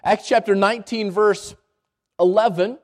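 Guy preaching w a really high voice, earnest, keeps restarting his words. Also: steady tone, measured pace. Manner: earnest, repeats and restarts phrases. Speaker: pastor. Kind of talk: sermon.

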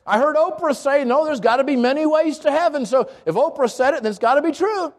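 A young man preaching a sermon, telling stories with lively acted-out asides to his congregation. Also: very high-pitched, quick pace. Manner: animated storytelling with acted-out asides.

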